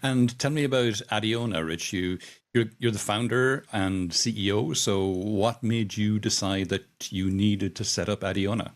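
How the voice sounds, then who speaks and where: A middle-aged man hosting a podcast, reading a smooth scripted intro and then asking questions. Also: fairly low pitch. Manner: measured, polished delivery. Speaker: podcast host.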